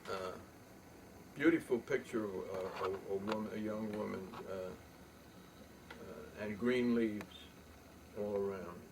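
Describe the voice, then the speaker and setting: An older man reminisces at an unhurried pace, his voice gravelly and his phrasing full of pauses and restarts. He sounds set back from the microphone, with a faint hum of a home loft around him. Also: on the low side. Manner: halting, many ums and restarts. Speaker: poet and storyteller. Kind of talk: rambling spoken reminiscence. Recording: distant mic, faint room noise.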